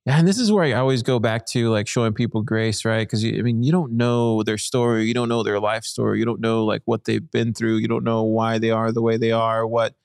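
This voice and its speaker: A man's voice: lowish voice, steady tone, brisk, creaky, hardly any pauses, darkish tone, clear, resonant tone, no echo, clean studio sound. A man hosting a casual podcast, easygoing and encouraging, talking loosely with many fillers. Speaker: podcast host.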